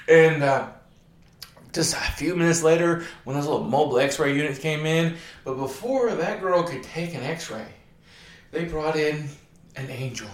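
A man's voice: on the high side, expressive, a little fast, roomy sound. A man telling a personal anecdote in a casual, rambling way, with a wry tone and many "um"s. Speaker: storyteller.

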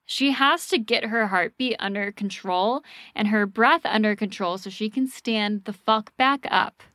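A woman host casually telling a ghost story on a podcast, animated and swearing freely. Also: medium pitch, unhurried, dry recording, clean studio sound.

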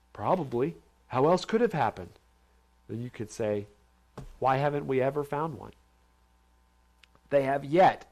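A man teaching a Bible lesson in a conversational, questioning way. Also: medium pitch. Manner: conversational, asks questions, acts out others' voices. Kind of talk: informal sermon to a group. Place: large steel building.

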